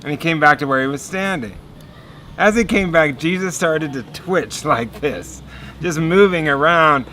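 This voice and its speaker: A man telling a personal faith story in an earnest, animated sermon style. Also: fairly high pitch, measured pace, a little hiss or hum. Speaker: speaker giving a testimony.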